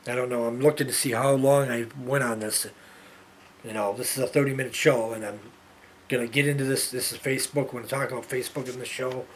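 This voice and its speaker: A man's voice: mid-range voice, fairly even intonation, fast, a little hiss or hum. A man hosting his own show, ranting in an exasperated way, repeating himself and restarting his sentences. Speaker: show host. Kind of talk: ranting monologue.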